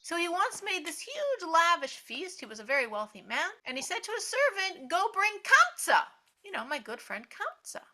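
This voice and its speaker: Woman Torah teacher, storyteller, lively and bright, voices the characters. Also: very high voice, moderate pace.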